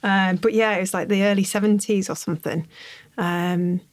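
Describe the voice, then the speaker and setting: A woman from the North of England hosts a podcast in easy chat, teasing and laughing often with her guest. Her voice sits at a middle pitch. The sound is dry and close to the mic. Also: steady tone, moderate pace, no echo. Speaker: podcast host. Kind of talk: casual interview chat.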